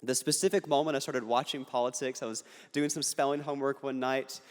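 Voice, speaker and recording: A man's voice: medium pitch, fairly even intonation, a little fast. A young man giving an earnest, punchy speech to an audience, with occasional jokes. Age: young adult. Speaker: political speaker. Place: large hall on a university campus. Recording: hall reverb.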